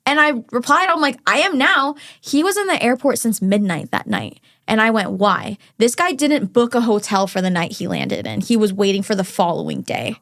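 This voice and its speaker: With vocal fry and barely a pause, this young podcast guest talks fast in a mid-range voice. Her lively dating story comes with the quotes performed as she chats casually.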